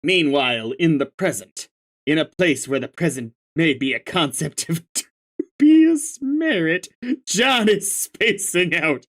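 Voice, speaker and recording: Someone reads a webcomic aloud with a medium-pitched, slightly bright voice, lively intonation and a measured pace. The narration is mixed with casual, profane commentary, and the reader laughs often.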